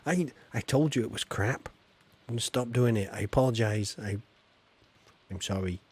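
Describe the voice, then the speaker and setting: A man's voice: fairly low pitch, moderate pace, long pauses, darkish tone, slightly rough. A man with a Yorkshire accent chatting casually as he streams a game, reading chat aloud and joking at his own expense. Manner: chatty, self-deprecating, reads chat aloud. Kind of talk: casual livestream commentary.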